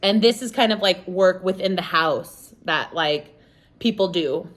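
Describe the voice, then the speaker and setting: A woman's voice: on the low side, measured pace. A woman hosting a podcast, talking in a casual monologue that is blunt and emphatic, with lots of swearing and "like" and "you know". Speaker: podcast host.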